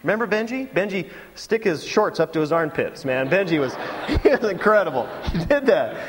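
High-voiced preacher in a reverberant hall. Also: male voice, moderate pace, crowd noise. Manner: animated storytelling with mocking impressions. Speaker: pastor. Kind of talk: sermon.

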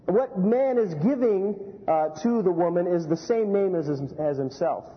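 High-voiced man preaching in a hall. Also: unhurried, lo-fi sound. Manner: animated preaching with anecdotes and rhetorical questions. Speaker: pastor. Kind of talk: sermon.

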